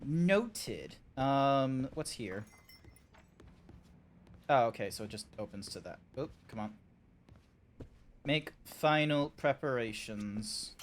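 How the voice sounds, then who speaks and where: Young Australian man, game streamer, excitable, rambly, mid-pitched voice. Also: takes it slowly, pauses often, a little hiss or hum. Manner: excitable, rambling, laughs often. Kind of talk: casual game-stream chat.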